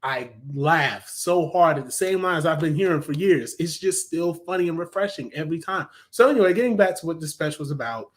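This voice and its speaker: A young man with a slightly higher voice talks through a cartoon review in a loose, enthusiastic way. He fills his sentences with ums and often backs up to correct himself. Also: animated, brisk, few pauses. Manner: chatty and enthusiastic, with frequent fillers and self-corrections. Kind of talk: casual spoken review.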